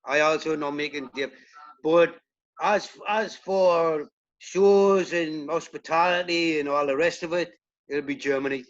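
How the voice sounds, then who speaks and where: A man's voice: on the high side, fairly even intonation, a little slow, highs cut off. A man, a punk band singer, telling blunt, profanity-laced stories in a casual interview. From United Kingdom. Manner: blunt, swears heavily, tells stories acting out quotes.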